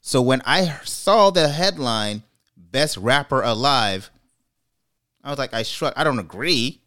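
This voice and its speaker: A man hosting a casual podcast, giving his opinions in a measured way and slowing down to stress his points. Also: mid-range voice, lively intonation, fairly bright tone. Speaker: podcast host. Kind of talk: casual chat, opinion commentary.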